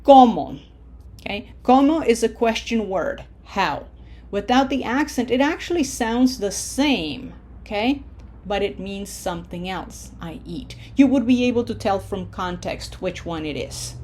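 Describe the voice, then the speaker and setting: A woman leads a recorded pronunciation lesson at an unhurried, measured pace, pausing to check in with her learners. She models each word clearly so listeners can repeat it, with her voice sitting at an ordinary middle pitch. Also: lively intonation, a little mellow, slight background noise. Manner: slow, deliberate, checks in with "okay?"; models words clearly for repetition. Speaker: Spanish teacher.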